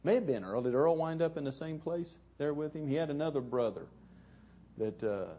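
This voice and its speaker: A man's voice: fairly high pitch, expressive, normal speed, mellow, a little hiss or hum. A middle-aged man, preaching a sermon in a folksy, storytelling way. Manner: folksy, chuckling, conversational. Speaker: pastor.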